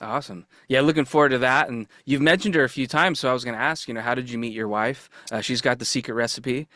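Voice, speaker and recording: A man hosting a casual interview podcast, asking quick, joking questions. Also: medium pitch, bright, forceful tone, no echo, studio quality. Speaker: podcast host.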